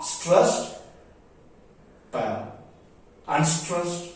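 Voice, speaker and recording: A man teaching a poetry lesson on meter, sounding out syllables slowly and deliberately. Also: fairly high pitch, expressive. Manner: slow, deliberate, drawn-out syllables. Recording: echoey room, voice from far off.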